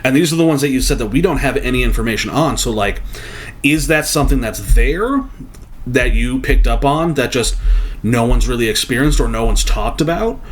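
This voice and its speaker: A man giving casual, thoughtful commentary on a video, reasoning out loud with many fillers. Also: mid-range voice, moderate pace, a little hiss or hum. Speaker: reaction video host.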